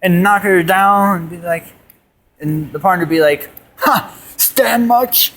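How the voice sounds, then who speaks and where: A man's voice: sits high, fairly even intonation, moderate pace, fairly bright tone. A young man telling rambling jokes and stories in a comedy monologue, jumping between bits and put-on voices. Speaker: amateur comedian. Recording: faint background noise.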